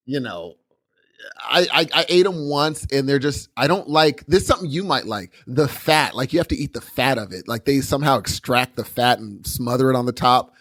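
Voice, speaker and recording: A man's voice: medium pitch, moderate pace, no echo, clean studio sound. A man co-hosting a podcast in casual chat, telling stories and acting out his own thoughts in quoted asides. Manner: animated storytelling, acts out quoted thoughts. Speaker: podcast co-host. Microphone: remote call recording.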